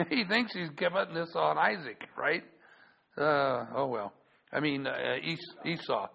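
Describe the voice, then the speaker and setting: A man's voice: on the high side, vocal fry, a bit bright, poor audio. A male pastor giving a sermon, stopping and repeating words as he talks and reading scripture aloud in a raised voice.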